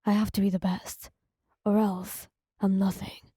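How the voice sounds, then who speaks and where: A man's voice: sits high, level tone, unhurried, mellow, husky, no room sound, studio quality. Woman doing a growling, pressured young hero. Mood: frustrated. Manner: clipped, growling, then remorseful. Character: angry young male hero student under pressure. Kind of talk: audio story role-play.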